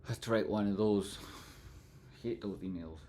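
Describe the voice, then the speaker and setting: A man's voice: lowish voice, moderate pace, dark tone, slight background noise. A man hosting a live stream in casual chat, reading out and thanking viewers and breaking into playful sung phrases. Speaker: livestream host.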